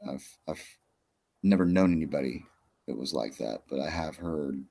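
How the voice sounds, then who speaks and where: A man hosting a casual chat, rambling and hesitant, often trailing off quietly. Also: a bass voice, expressive, normal speed, vocal fry. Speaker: podcast host.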